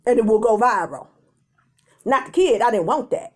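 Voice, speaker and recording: Animated woman telling a story time. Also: on the high side, moderate pace. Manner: animated storytelling, acts out quotes in changing voices. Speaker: mukbang vlogger.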